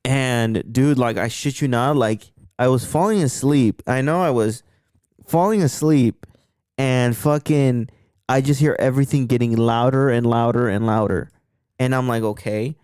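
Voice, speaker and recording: A man's voice: mid-range voice, a little slow, a little mellow, clean tone, no echo, clean studio sound. A young man co-hosting a podcast, telling loose, profane stories in casual chat. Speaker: podcast co-host.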